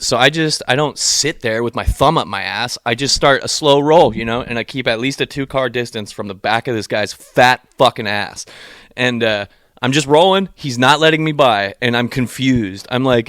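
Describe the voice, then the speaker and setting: A young man spinning a long, profane story on a podcast, jumping into the voices of the people in it. His voice sits at an ordinary pitch and is recorded close and dry, with no room sound. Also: normal speed, no echo. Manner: profane, animated storyteller acting out quotes. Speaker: podcast co-host. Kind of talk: casual chat, long-winded storytelling.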